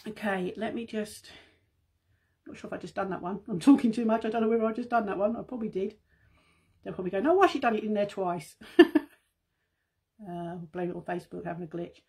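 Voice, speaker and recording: Chatty, husky woman on a phone live stream. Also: medium pitch, fairly even intonation, a little fast, long pauses, warm tone. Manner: chatty, addresses viewers as guys, rambling asides. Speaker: makeup seller and host. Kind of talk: casual live-stream chat.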